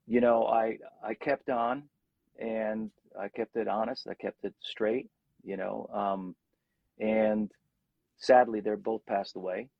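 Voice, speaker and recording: On a narrow, tinny, dry recording, a middle-aged rock singer speaks slowly in a lowish voice with vocal fry. In a casual interview about his career, he tells animated stories and acts out the voices of the people in them.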